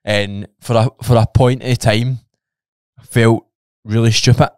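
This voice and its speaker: A man's voice: mid-range voice, fairly even intonation, unhurried, a little mellow, clear, resonant tone, no echo, studio quality. A Scottish man chatting casually as a guest on a podcast, talking bluntly with plenty of swearing.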